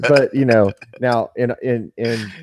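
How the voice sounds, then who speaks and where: A man's voice: mid-range voice, takes it slowly, slight background noise. A man in his forties, hosting a casual podcast chat, laid-back with lots of stumbling repeats. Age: 40s.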